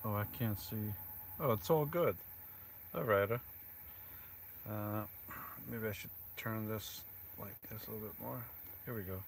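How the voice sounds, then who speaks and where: A man live-streaming from inside his van on a rainy night, talking quietly into a phone propped close to him. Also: on the low side, unhurried, gravelly, long pauses, a little hiss or hum. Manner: talks quietly, keeping his voice down. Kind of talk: casual live stream chat.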